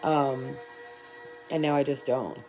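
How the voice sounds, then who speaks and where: A woman's voice: rumbling low, steady tone, slow pace, darkish tone. A woman talking casually on a tarot livestream, loose, affectionate and profane, rambling through spiritual encouragement. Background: faint music.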